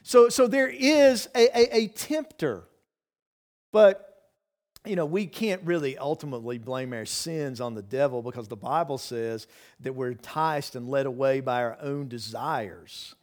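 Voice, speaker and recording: A man's voice: mid-range voice, a little slow. A man preaching a sermon as pastor, earnest and conversational, often repeating words and restarting his sentences. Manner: conversational preaching with many "you know"s.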